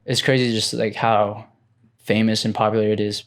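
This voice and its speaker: A young man co-hosts a gaming podcast, speaking at normal speed in a fairly low-pitched voice. It's a casual chat, and he's relaxed, saying "like" and "bro" a lot.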